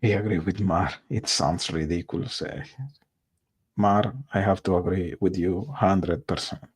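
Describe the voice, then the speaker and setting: A man's voice: low voice, steady tone, measured pace, breathy edge. A man hosting a livestream, reacting to a video in casual commentary, thinking aloud hesitantly with many fillers.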